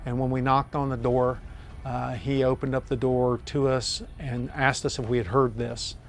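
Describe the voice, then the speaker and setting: A man's voice: mid-range voice, level tone, slight background noise. Older man telling a story. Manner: earnest, drawn-out storytelling with many uh fillers. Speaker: landowner interviewee. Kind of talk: storytelling interview.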